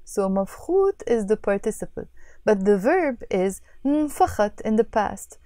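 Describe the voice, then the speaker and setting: A woman teaching a language lesson, patiently explaining and repeating phrases slowly. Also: medium pitch, very animated, mellow, no echo, studio quality.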